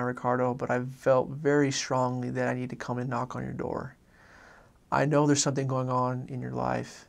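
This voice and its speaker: Gravelly, flat-voiced man telling a story. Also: mid-range voice. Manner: earnest, halting, many restarts. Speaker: former missionary. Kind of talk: personal faith testimony story.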